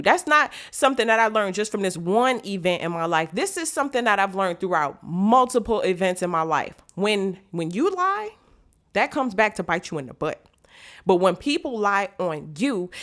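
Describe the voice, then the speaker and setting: A woman vlogger telling a motivational story in casual, slangy talk, speaking straight to viewers and acting out the voices she quotes. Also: medium pitch. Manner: animated, acts out quoted voices; slangy, direct address to viewers.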